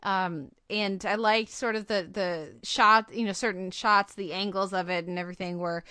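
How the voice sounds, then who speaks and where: Podcast lady rambling thru tv picks, smooth clear voice, dry close mic. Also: medium pitch, steady tone, moderate pace, pushed and bright, dry recording. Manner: chatty, rambling with fillers and restarts. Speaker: podcast host. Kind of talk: casual podcast chat.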